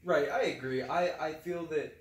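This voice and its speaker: A man's voice: on the high side, moderate pace. A man co-hosting a casual podcast discussion, talking with fillers and frequent laughs. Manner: conversational, hesitant with fillers, laughs often. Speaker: co-host. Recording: echoey room, distant mic.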